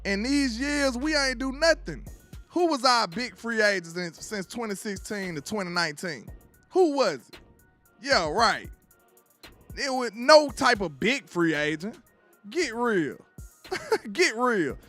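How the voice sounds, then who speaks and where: A man hosting his own sports commentary show, ranting in an animated, slangy way and laughing as he goes. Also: very high-pitched, measured pace, soft background music.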